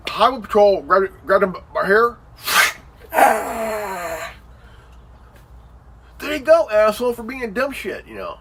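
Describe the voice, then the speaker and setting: High-voiced man in a swearing rant. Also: very animated, slow pace, long pauses, fairly bright tone, distant mic, slight background noise, poor audio. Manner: repetitive, heavy fillers like "you know" and "man"; crude, swearing, insulting. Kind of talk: profane casual rant.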